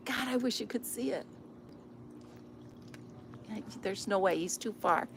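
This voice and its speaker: A woman's voice: medium pitch, measured pace, gravelly. A woman chatting casually outdoors by a river into a phone, amused and often dropping to a near whisper. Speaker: vlogger. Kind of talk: casual chat. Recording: outdoor recording with loud river noise. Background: flowing river.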